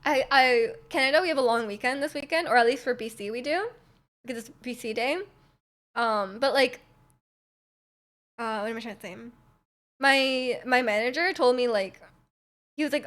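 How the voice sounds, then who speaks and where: Reading her chat, a young woman talks casually with livestream viewers, rambling loosely and answering questions as they arrive. Her voice is fairly high and fairly bright, at a normal speed with long pauses.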